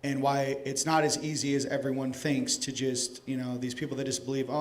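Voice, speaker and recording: A man giving a casual, joking lecture to a live conference audience, animated and profane, addressing people directly. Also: mid-range voice. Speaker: conference speaker. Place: conference hall stage.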